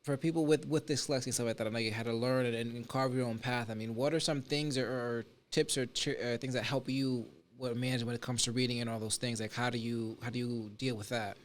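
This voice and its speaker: A man's voice: medium pitch, steady tone, quick pace, hardly any pauses. Hesitant male podcast host. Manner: hesitant, restarts questions. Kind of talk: casual interview talk.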